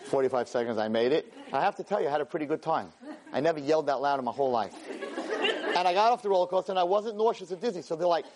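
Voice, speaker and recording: A man, a rabbi and teacher, telling a story in a Torah class, animated and self-mocking, sprinkling in Hebrew and Yiddish words. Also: on the high side, fast talker, crowd noise, background noise.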